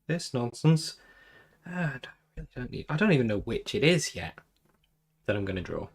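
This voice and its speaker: A man chats casually as he draws on a live stream, rambling self-deprecatingly about tech trouble into a desk mic hooked to his computer in a small home room. His mid-range voice is very animated and slightly rough with vocal fry, at a moderate pace.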